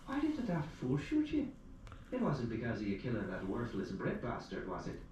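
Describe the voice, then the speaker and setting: A man's voice: mid-range voice, wildly swooping pitch, normal speed, a little mellow, pitched above the performer's own voice. A man voicing a gossipy old widow woman with a lilting, cackling manner in an echoey room. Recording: echoey room, distant mic, faint hum.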